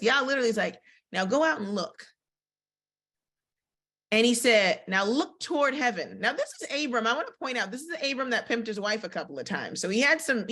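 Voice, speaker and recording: A woman at a medium pitch teaches a casual Bible study. She reads scripture aloud in a measured way, then breaks into quick, expressive commentary. Her voice swings widely in pitch and tempo as she explains.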